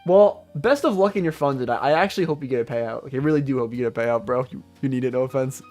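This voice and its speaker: A man's voice: mid-range voice, a little mellow. A young man hosting a trading livestream, reading viewer comments aloud in loose, joking slang. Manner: loose, joking, slangy, reacts to chat with quick laughs. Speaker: livestream day trader. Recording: faint music behind the voice.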